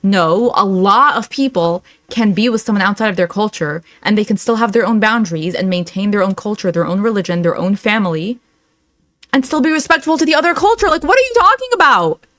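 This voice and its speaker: A woman's voice: mid-range voice, lively intonation, fairly quick, a bit bright. A young woman hosting a reaction channel, commenting in a sarcastic, mocking way. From Arab.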